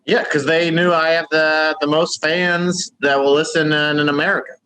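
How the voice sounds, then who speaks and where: A man doing a deadpan, halting correspondent bit in an improvised comedy segment, talking over a remote call. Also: a little high.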